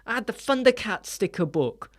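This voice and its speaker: A man, hosting a casual live stream chat from a small room lined with soundproof panels, animated and acting out quoted voices. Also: high-pitched, normal speed.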